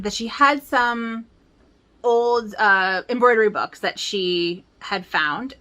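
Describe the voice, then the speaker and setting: At home, a cross-stitch vlogger in her forties shows off her stitching books, chatting in an upbeat way and rambling a little with fillers. Her voice is medium-pitched with a sharp tone.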